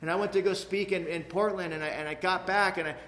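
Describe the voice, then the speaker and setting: A man's voice: sits high, fairly even intonation, fast talker, fairly bright tone. A man in his forties giving an emotional, rambling personal testimony to a recovery meeting, often asking "you know what I mean". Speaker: speaker sharing at a recovery meeting. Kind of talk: personal testimony to a live audience. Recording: echoey hall with faint room noise.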